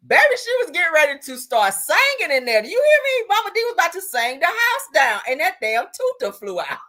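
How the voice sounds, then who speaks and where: Sassy woman gossip host, bright sharp voice, pitch jumps all over, laughing loud. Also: big pitch swings, brisk. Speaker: commentary channel host. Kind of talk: casual gossip commentary.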